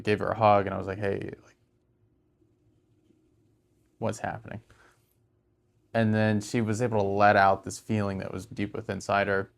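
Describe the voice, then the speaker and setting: A soft-spoken man with a fairly low voice talks casually to the camera and gives relationship advice. He keeps a calm, gentle delivery and often lets his lines fade to a near murmur at the end. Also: gravelly. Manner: laughs and raises his voice when mimicking an argument.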